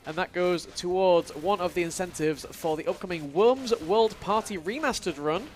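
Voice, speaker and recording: Give me a man hosting a charity speedrun marathon, reading donations with a lively, high voice. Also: normal speed. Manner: light, jokey reading of donation messages. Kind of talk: live marathon commentary.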